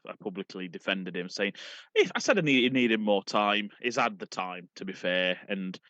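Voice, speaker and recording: A man with a very deep voice co-hosting a casual football podcast. He speaks in a wry, self-mocking way. The recording is dry and somewhat muffled. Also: lively intonation, moderate pace, pushed and bright, no echo. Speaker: podcast co-host.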